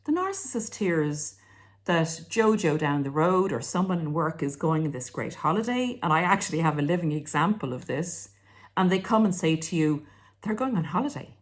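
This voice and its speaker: Lively low-voiced woman explaining. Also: normal speed. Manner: animated, acts out quoted dialogue. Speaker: relationship commentator. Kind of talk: casual explanatory monologue.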